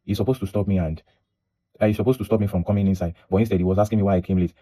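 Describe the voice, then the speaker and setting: Fast-talking Nigerian man telling a story. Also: low voice, fairly even intonation, dark tone. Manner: rambling, restarts and repeats himself, mixes in Pidgin. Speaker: vlogger. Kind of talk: casual storytelling monologue.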